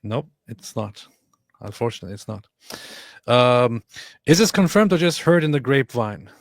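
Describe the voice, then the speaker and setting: A man's voice: mid-range voice, animated, normal speed, no room sound. Guy hosting a livestream, chatty and hesitant, lots of ums, dry close sound. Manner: rambling, hesitant with many fillers. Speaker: livestream host. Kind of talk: casual livestream chat reading super chats.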